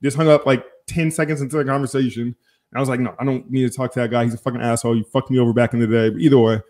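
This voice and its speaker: A young man hosting a podcast, telling a story in casual chat, animated and profane, acting out both sides of phone calls. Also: mid-range voice, rapid-fire. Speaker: podcast host.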